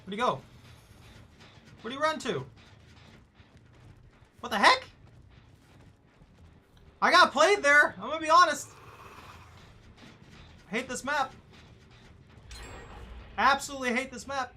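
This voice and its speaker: A man casually commentating his own gameplay, talking to himself and breaking into sudden loud whoops. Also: very high voice, lively intonation, takes it slowly, pauses often. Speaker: gaming streamer.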